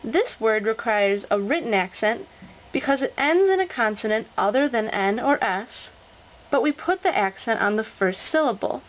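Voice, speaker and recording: A woman narrating a scripted language lesson, slowly sounding out each example word. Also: a little high, animated, muffled recording. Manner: slow, deliberate, sounding out example words. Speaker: Spanish teacher.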